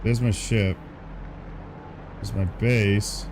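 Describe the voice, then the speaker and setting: A man casually commenting on his own gameplay for a live stream, thinking aloud, yawning and drowsy in a warm room at home. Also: lowish voice, fairly even intonation, very slow, background noise. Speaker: gaming streamer.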